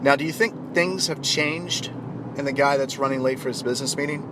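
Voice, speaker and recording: A man telling a motivational story in an animated way, acting out the shouting voices of the people in it. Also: medium pitch, brisk. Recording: clear traffic noise.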